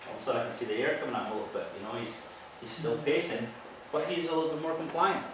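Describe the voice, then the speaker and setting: A man's voice: medium pitch, expressive, very fast. A man, a police officer, gives an earnest, explanatory training talk in a plain mid-range voice. He sounds set back from the microphone, and a big echo fills the room around him. A faint hiss sits underneath. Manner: earnest, explanatory, tells field stories. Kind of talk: presentation to an audience. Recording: echoey hall, mic from far off.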